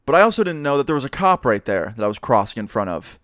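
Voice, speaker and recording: A young man from the New York area tells a personal story in a chatty, profane, animated way. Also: medium pitch, quick pace, no echo, studio quality. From New York area, USA. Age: young adult. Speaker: vlogger. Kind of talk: casual storytime monologue.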